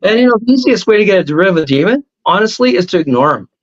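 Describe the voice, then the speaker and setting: A man speaking as a show guest, telling a long personal story in a rambling, animated way. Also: sits high, quick pace, dull audio. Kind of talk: casual storytelling on a talk show.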